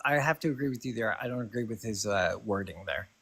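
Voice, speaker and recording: A man's voice: fairly low pitch, animated, quick pace, a bit bright, husky. A man defending his side in a heated livestream debate, often hesitating. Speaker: debate guest.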